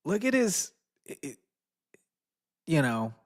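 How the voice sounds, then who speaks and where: A man's voice: on the high side, sing-song, slow. A man hosting a live stream, casually commenting and mocking with frequent chuckles. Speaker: streamer host.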